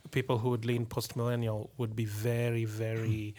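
A man's voice: medium pitch, level tone, moderate pace, warm tone. A man co-hosting a podcast, chatting in a friendly, agreeable way. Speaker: podcast co-host. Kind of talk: casual chat.

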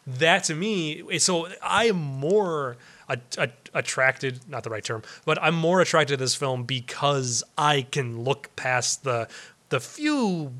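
A man's voice: on the high side, expressive, slow pace, pushed and bright. A man co-hosting a movie podcast in casual chat, rambling with lots of restarts and easy laughs. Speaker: podcast co-host.

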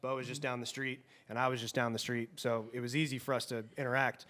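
A man with a medium-pitched voice, a musician and producer talking casually in an interview. He talks at length and in a thoughtful way. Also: little pitch movement, fast, sharp tone.

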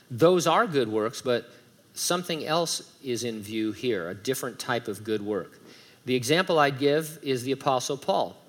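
A man's voice: mid-range voice, fairly bright tone. Middle-aged male pastor, conversational sermon delivery, emphatic scripture reading, light humor. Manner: conversational preaching with humorous asides; reads scripture aloud with emphasis.

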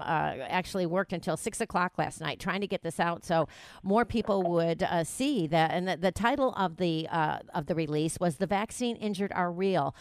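A woman's voice: lowish voice, clear, resonant tone, dry recording. A woman hosting a radio talk show, chatty and rambling, with many fillers.

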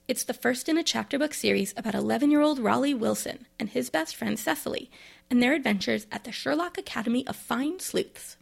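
A woman's voice: on the high side, gravelly, husky. A woman, a librarian, chatting casually about books she received, with bookish asides and enthusiasm. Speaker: librarian and podcast host. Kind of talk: casual book review monologue.

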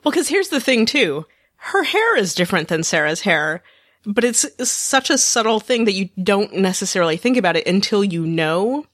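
A woman's voice: mid-range voice, big pitch swings, moderate pace, a bit bright, no echo, studio quality. A woman co-hosting a TV discussion podcast, chatting casually and reading out listener feedback. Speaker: podcast co-host.

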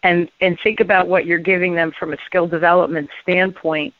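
A woman's voice: on the low side, level tone, fairly quick, dry recording. A woman hosting a radio interview, an enthusiastic, upbeat storyteller who chats casually with her guest. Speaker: radio show host. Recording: tinny phone-like line, dry.

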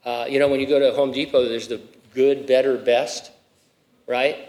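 A middle-aged male pastor delivers an expository sermon in a conversational way, full of asides and rhetorical questions. His voice sits at a middle pitch for a man. He raises his voice with emphasis whenever he reads scripture aloud. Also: fairly even intonation, moderate pace, a little mellow.

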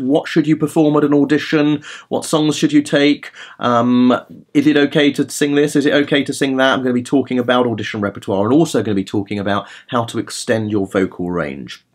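A man in his thirties hosting a podcast as a vocal coach, talking in a relaxed, rambling way with plenty of fillers. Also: mid-range voice. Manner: demonstrates sung vowel sounds. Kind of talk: casual podcast talk with vocal tips.

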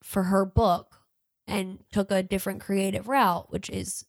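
A woman's voice: medium pitch, level tone, unhurried, vocal fry, no echo. A woman in a casual book review chat, rambling and filling her talk with "like". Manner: rambling, many fillers.

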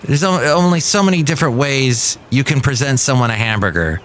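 A man's voice: medium pitch, brisk, fairly bright tone, slight background noise. Male podcast host, digressive sardonic riffs, mid-range voice, recorded outside with faint background ambience. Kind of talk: rambling comedic monologue. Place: outdoors outside a café.

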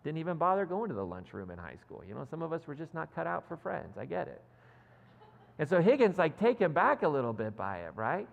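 A man's voice: a little high, wildly swooping pitch, brisk, gravelly, highs cut off. Male pastor preaching in a reverberant church. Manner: conversational storytelling, self-deprecating. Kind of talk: sermon. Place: church sanctuary. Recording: long hall reverb.

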